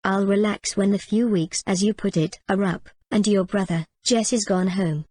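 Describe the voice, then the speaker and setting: A woman voicing a quiet, grudging husband who says little, in a storybook reading. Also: mid-range voice, steady tone, normal speed, no echo, lightly acted. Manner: terse and reluctant.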